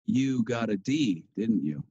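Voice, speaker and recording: A man's voice: fairly low pitch, expressive, slow pace, dark tone, breathy edge, lo-fi sound, full character voice. An actor playing a polite but firm male teacher in a textbook listening dialogue. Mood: calm.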